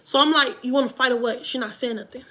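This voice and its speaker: A woman vlogger telling a storytime to her viewers in a casual, animated way, with emphatic loud bursts. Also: high-pitched, fast talker.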